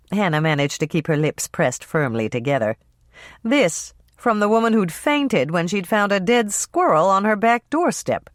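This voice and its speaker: An audiobook narrator reading a cozy mystery in a wry, measured storytelling manner. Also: mid-range voice, sing-song, dry recording, clean studio sound.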